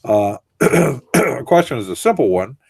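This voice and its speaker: A man's voice: mid-range voice, very animated, measured pace, creaky, a little mellow, breathy edge, no echo. Earnest man explaining at length. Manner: earnest, explains with long winding sentences. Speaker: co-host. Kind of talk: casual radio discussion.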